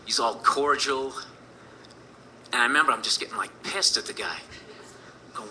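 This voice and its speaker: Bright-voiced man telling a profane story. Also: mid-range voice, fairly quick, a little hiss or hum, rough recording. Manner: profane, rambling with lots of fillers. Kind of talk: personal storytelling.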